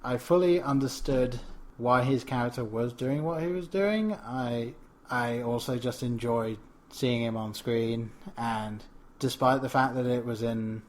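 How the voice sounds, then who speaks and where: A male podcast co-host in casual chat about a film, talking in a loose, rambling way with frequent chuckles. His voice sits at a middle pitch for a man. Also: unhurried. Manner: rambling, chuckles often, reads listener tweets aloud.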